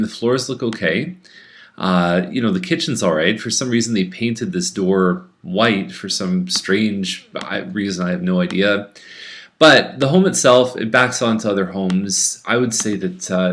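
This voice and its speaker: A man who is a real estate agent, chatting casually through a rundown of home listings, with fillers and restarts. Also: low-pitched. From Canada.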